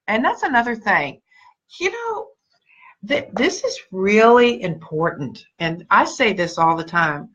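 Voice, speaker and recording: A woman's voice: mid-range voice, creaky, sharp tone, highs cut off. A woman giving an earnest, emphatic motivational talk on a livestream, repeating her key words for weight. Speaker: motivational speaker and sales team leader.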